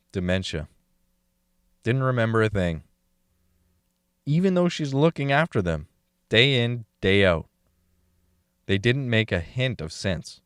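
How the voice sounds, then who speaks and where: An actor playing a calm man in an audio drama who speaks in a quiet, measured and thoughtful way. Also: lowish voice, no room sound, studio quality. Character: calm reflective man recalling his sister.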